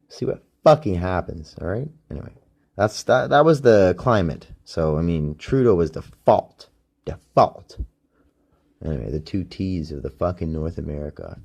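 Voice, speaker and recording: A man's voice: low-pitched, a little mellow. A man hosting a solo podcast, rambling and ranting with heavy swearing, recorded on a phone used as a microphone. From Canada. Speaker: podcast host.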